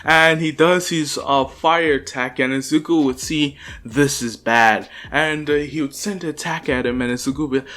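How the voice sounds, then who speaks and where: A man's voice: on the high side, normal speed, hardly any pauses, a bit bright. A young man casually narrating a fan story, rambling with lots of fillers and restarts. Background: faint lofi music.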